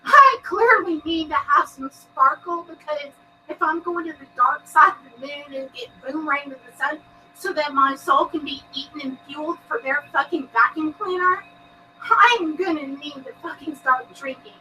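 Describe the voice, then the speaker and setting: A woman's voice: sits high, normal speed, pushed and bright, far from the mic, faint music behind, low-quality recording. A woman hosting a paranormal live stream, giggly and bubbly, who swears a lot and talks to her chat from home. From Texas. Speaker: paranormal show host.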